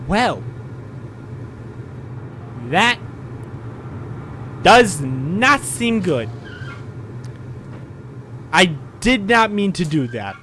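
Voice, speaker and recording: A man's voice: sits high, very animated, very slow, long pauses, sharp tone, slight background noise. Rambling tired man streaming games. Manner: rambling, chatty, apologetic. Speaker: game streamer. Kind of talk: casual livestream chat.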